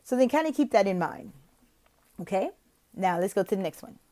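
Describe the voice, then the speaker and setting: A woman explaining how to teach an online lesson, walking through slides in an expressive, animated way. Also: fairly quick. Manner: animated, expressive, slips into whispers and a high sing-song teacher voice. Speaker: online English teacher giving interview tips. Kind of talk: instructional talk with acted classroom demos.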